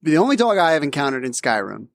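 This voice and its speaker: A man's voice: on the high side, big pitch swings, fast talker, vocal fry, dry recording, clean studio sound. A man co-hosting a podcast in casual chat, wry and joking. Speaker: podcast co-host.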